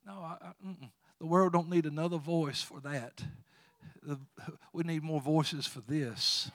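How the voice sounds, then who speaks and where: A man preaching a sermon in a fairly high voice, quoting scripture with rising fervor. He breaks into chuckling asides between points. The sound is dry and close. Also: fairly even intonation, unhurried, a bit bright, no room sound. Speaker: pastor.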